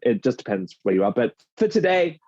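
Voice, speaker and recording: A man's voice: medium pitch, big pitch swings, fairly quick, darkish tone, no echo. Uk guy, dialect coach, chatting on a podcast, kinda muffled and dry sounding. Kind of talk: podcast interview.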